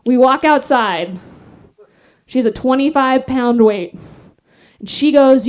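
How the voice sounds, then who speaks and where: A woman stand-up comedian telling a story on stage, animated and self-deprecating, laughing often. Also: high-pitched, slow, long pauses. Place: live stage.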